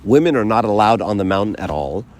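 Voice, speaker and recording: A man's voice: on the low side, animated, fast, a little mellow, a little hiss or hum. A man giving a casual spiritual talk to a group, telling stories with lots of "right?" and "you know". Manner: conversational, many fillers and asides like "right?"; tells stories by acting out quotes. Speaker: speaker giving a faith talk.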